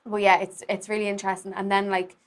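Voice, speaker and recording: A woman's voice: medium pitch, flat delivery, fast. A young woman with a Dublin accent, an Irish theatre maker chatting casually and rambling with many fillers. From Ireland. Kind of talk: casual conversation.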